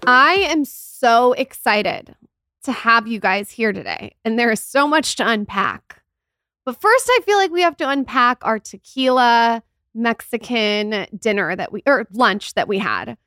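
A woman's voice: fairly high pitch, lively intonation, moderate pace, pushed and bright, dry recording, studio quality. A woman co-hosting a podcast, chatting casually in a blunt, playful, enthusiastic way. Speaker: podcast co-host. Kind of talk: casual chat.

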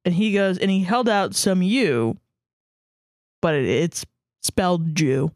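Slow-reading woman with a dry close mic. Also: on the low side, a little mellow, dry recording. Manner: dramatic read-aloud, giggling, slow and deliberate. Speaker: podcast co-host. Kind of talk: reading fan fiction aloud, comic chat.

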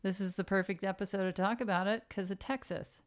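A woman co-hosting a comedy podcast in casual chat, teasing with dry deadpan humor. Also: medium pitch, a little fast. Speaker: podcast co-host.

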